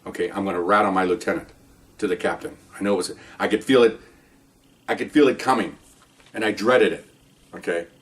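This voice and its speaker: A retired police officer, an older man, speaks in a low voice a little fast, with long pauses, recorded from a distance. His casual storytelling monologue is rambling and animated, and he keeps adding "okay?".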